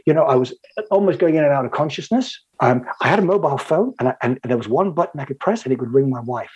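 A man tells a personal story, halting and repeating phrases for emphasis. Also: mid-range voice, expressive, husky, dull audio.

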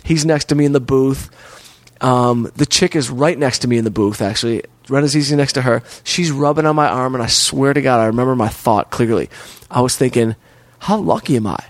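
A man telling a wild personal story in casual chat, swearing often and acting out quotes with lively energy. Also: medium pitch, a little fast, dry recording. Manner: animated, profane, swearing-to-God storytelling with acted-out quotes.

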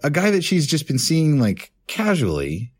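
A man's voice: on the high side, normal speed, slightly rough. A young man co-hosting a podcast in casual chat, telling stories with lots of swearing. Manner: animated storytelling, swears freely. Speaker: podcast co-host.

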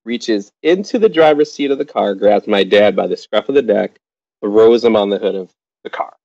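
Middle-aged guy telling a story to a crowd, lowish voice, does the other people's voices, kinda muffled dry recording. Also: normal speed, creaky, no echo. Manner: lively, acts out other people's lines. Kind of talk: personal anecdote told to a live audience. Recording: dull lo-fi recording.

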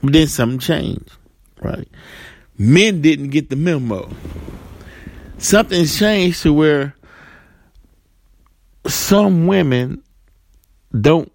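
A man talks casually to the camera in a medium-pitched, gravelly, slightly mellow voice, recorded dry. He tells stories and acts out little scenes, playing the dialogue in different voices. He drives his points home with a rhetorical "right?" and uses some fillers and repeated words.

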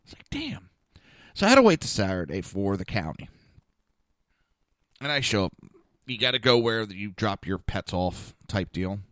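A man casually telling a personal story, animated and exasperated, acting out the dialogue. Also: fairly low pitch, normal speed, pauses often, dry recording, clean studio sound.

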